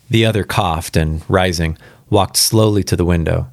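A man reading a classic tale aloud on his first read-through, pausing now and then for casual comments on the text. His voice sits low and deep. The sound is dry and close. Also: gravelly, dry recording. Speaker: story reader. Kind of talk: live first-time reading with asides.

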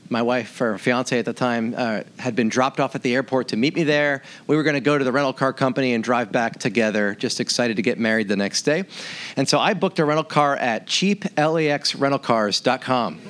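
A man in his thirties preaching a sermon as pastor, telling a story with animated, acted-out quotes. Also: medium pitch.

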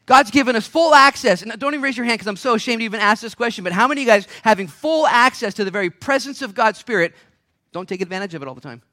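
Male pastor with a high voice, preaching with fire, drops to a hush then erupts. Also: animated. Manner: impassioned, swinging from hushed to shouting; rapid-fire rhetorical questions. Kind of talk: sermon. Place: church service.

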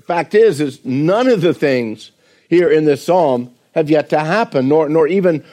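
A male pastor preaching a sermon, earnest and full of questions to his listeners, slowing and softening when he recites hymn lines. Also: on the high side, lively intonation.

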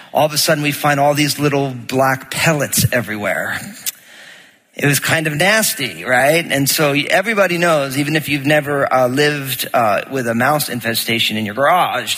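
Bright, husky preacher man in a hall. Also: medium pitch. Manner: storytelling, animated, acts out quotes. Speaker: pastor. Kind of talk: sermon.

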